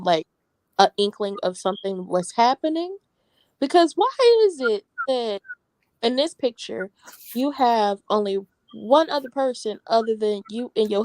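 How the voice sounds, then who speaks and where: A woman hosting a casual reality TV recap, talking in an animated, sassy, slangy way. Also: medium pitch, dry recording. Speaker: show recap host.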